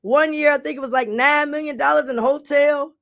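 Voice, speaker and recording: A woman's voice: sits high, fairly even intonation, brisk, gravelly, fairly bright tone. A middle-aged woman radio host and commissioner telling a story in an emphatic, preacherly way, acting out the dialogue. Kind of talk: animated storytelling talk.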